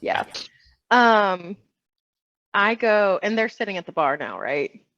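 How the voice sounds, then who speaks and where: Tabletop player, female, slow and careful, dry lo-fi sound. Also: mid-range voice, very animated, noisy background. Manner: deliberate, questioning. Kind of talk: casual tabletop play. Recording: dull, dry lo-fi mic.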